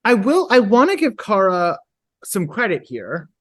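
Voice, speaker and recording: A woman's voice: mid-range voice, measured pace. A young woman co-hosting a podcast, discussing a book and reading its quotes aloud with feeling. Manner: thoughtful, reads quotes aloud in lively voices. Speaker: podcast co-host. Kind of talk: casual book-club chat.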